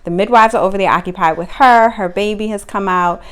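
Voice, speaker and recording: A young woman, telling her own story to camera in casual vlog style, acting out what people said. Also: a little fast. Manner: animated, acts out quotes with sudden high pitch jumps.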